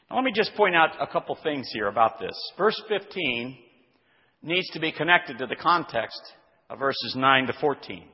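A man's voice: a little high, animated. Man preaching in a reverberant hall. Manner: deliberate teaching, reading scripture aloud and explaining words. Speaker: pastor. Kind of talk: expository sermon. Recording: dull lo-fi sound with long hall reverb.

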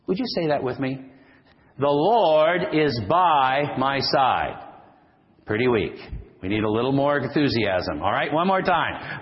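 A man preaching a sermon as pastor, moving between loud, rising calls and quiet, slow passages. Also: expressive, in a large hall, dull audio. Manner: dynamic preacher, swings from booming to hushed.

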